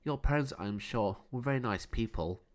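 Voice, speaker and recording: A warm, friendly young man with an easygoing way of talking, as a storyteller plays him. His voice stays at a middle pitch and sounds natural and unforced. He speaks kindly and caringly in a storybook reading. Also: animated, fairly quick, lightly acted. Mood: gentle.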